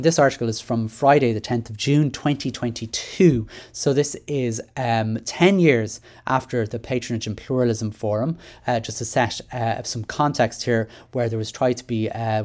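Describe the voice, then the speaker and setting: A man's voice: mid-range voice, darkish tone. An Irish man hosting a solo education podcast, talking in a chatty, rambling way with many fillers and restarts. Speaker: podcast host.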